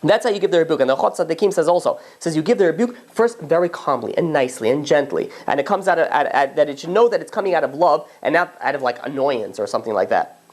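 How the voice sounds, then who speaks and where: A man's voice: on the high side, fast talker. A male rabbi teaching an informal class, telling stories with animation and acting out conversations as he goes. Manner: animated storyteller, acts out dialogue, frequent restarts. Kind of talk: informal Torah class with storytelling.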